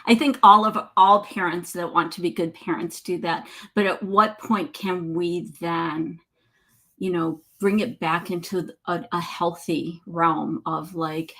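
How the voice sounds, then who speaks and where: A woman counselor explaining things in a measured, teacherly way, often asking rhetorical questions. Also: fairly low pitch, fairly bright tone. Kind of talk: explaining to a host in conversation.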